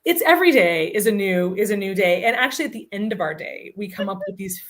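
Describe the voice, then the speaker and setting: A woman guest on a podcast, telling a comic story in animated, casual chat. Her voice is mid-pitched, and she moves it around a great deal as she talks. She laughs often and tosses in quick asides.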